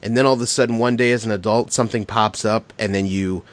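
With a fairly low pitch, a quick pace and no echo, a middle-aged man co-hosts a podcast. He tells stories casually, full of profanity, laughter and animation.

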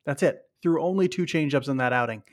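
A man's voice: on the high side, brisk. Man co-hosting a sports podcast. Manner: analytical, reads ad copy and stats. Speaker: podcast co-host. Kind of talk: casual sports podcast chat.

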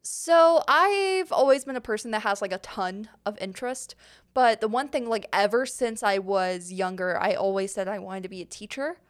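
Chatty young woman with a smooth voice. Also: mid-range voice, normal speed. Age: young adult. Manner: chatty, rambling, many fillers and giggles. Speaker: podcast host. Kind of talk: casual Q&A chat.

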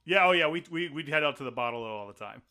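A man's voice: fairly high pitch, fast, a crowd in the background. An American man hosting a podcast, telling stories in casual chat with lots of laughs. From United States. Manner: laughing, animated storyteller. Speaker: podcast host.

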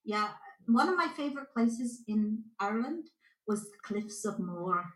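Bright animated Canadian woman. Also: mid-range voice, moderate pace. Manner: animated storyteller, acts out voices. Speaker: guest intuitive. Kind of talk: casual interview chat. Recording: echoey room.

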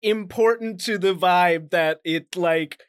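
A man co-hosting a casual podcast and dropping wry, deadpan quips. His voice is smooth and resonant and sits somewhat high for a man. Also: takes it slowly. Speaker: podcast co-host. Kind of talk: casual comedic chat.

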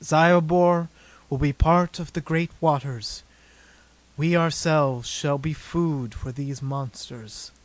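A man reading aloud, voicing a grave, despairing woman who rules an undersea city and speaks slowly in old-fashioned words. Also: a little high, lively intonation. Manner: slow, solemn, old-fashioned speech.

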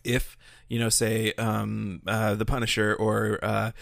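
A man's voice: lowish voice, completely flat delivery, takes it slowly, gravelly, a bit bright, no echo, studio quality. A man co-hosting a podcast in casual chat, rambling with many fillers and restarts. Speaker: podcast co-host.

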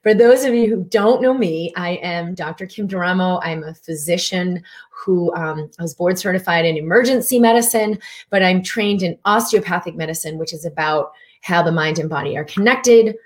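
Middle-aged woman doctor, low voice, chatty livestream host reading out viewer greetings. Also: normal speed. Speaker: physician hosting a live stream. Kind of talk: live-streamed wellness talk.

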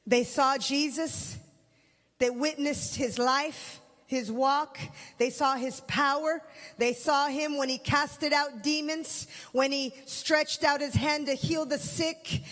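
A man preacher delivering an impassioned sermon and leading prayer, swelling into loud cries and dropping to hushed tones. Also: extremely high pitch. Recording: long reverb in a hall.

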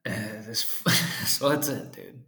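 A man's voice: on the low side, slow pace, sharp tone. A man who works as an English teacher tells a funny story in a casual, profane, laid-back way, laughing now and then. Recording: roomy echo.

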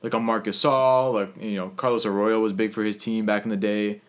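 A man's voice: fairly low pitch, flat delivery, fairly quick. A man co-hosting a casual basketball podcast. He is upbeat, laughs often and leads the news segment. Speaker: podcast co-host. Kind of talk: casual sports chat.

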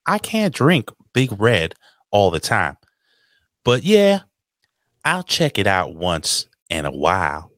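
A man's voice: on the low side, huge pitch swings, slow, long pauses, fairly bright tone, no room sound, studio quality, exaggerated voice. A man voicing a young woman who grew up in Texas, in a mock Texas accent with a sweet drawl. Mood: breezy.

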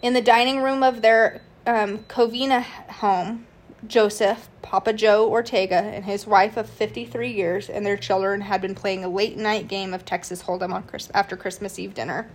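A woman narrates a true crime case for her podcast at an ordinary middle pitch. She reads loosely from notes, stumbling and restarting with frequent fillers. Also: steady tone, moderate pace. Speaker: podcast host.

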